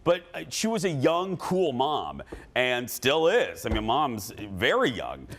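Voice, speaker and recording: A man in his forties hosting a talk show, telling stories with laughter and animated banter. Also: mid-range voice, a little slow.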